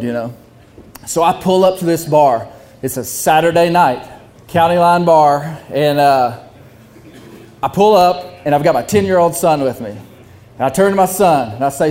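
A middle-aged man, telling a funny story to a live crowd, animated and self-deprecating, acting out the voices of others. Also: a little high, normal speed.

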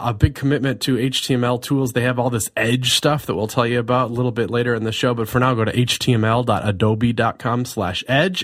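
A man hosting a tech podcast in a loose, conversational way. His pitch sits mid-range for a man. He jokes, trails off into asides and rambles a bit. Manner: chatty, jokey, rambling. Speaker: podcast host. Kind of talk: casual chat.

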